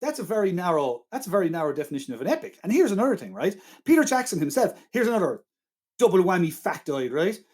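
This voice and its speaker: A man's voice: high voice, big pitch swings, fast, a little mellow, breathy edge. A man co-hosting a casual film-review podcast, talking in an enthusiastic, emphatic and argumentative way. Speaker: podcast co-host.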